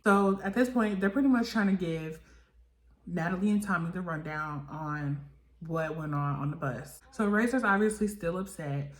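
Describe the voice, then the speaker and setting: A woman recapping a reality TV episode in casual chat, acting out the cast's lines with big jumps in pitch. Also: moderate pace, reverberant. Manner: animated, acts out quotes with lively pitch jumps.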